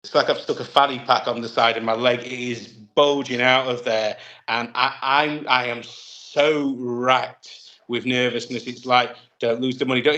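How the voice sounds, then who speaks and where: A man's voice: medium pitch, a bit bright. A man, a wrestler telling stories as an interview guest, rambling with many restarts and laughing often. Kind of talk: casual anecdotal storytelling.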